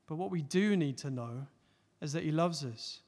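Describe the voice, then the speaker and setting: A man preaching a sermon, earnest, rising to loud emphatic peaks and dropping to soft, close appeals. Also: a little high, lively intonation, moderate pace. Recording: long hall reverb.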